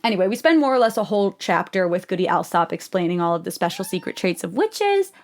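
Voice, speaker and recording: A woman's voice: lowish voice, fast talker. A young woman giving casual, sarcastic commentary as a video essayist. She sounds exasperated and says "like" a lot. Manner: sarcastic, exasperated, heavy use of "like".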